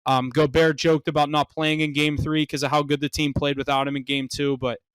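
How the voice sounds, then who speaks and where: A man co-hosting a sports podcast in casual chat, excitable and swearing freely, with rambling restarts. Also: a little high, brisk, clear, resonant tone, no echo, poor audio. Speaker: podcast co-host.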